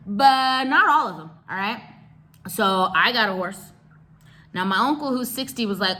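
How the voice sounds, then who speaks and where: A young woman telling a travel story in a casual vlog, chatty and animated, full of slang and asides to her viewers. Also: on the high side, moderate pace. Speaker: travel vlogger.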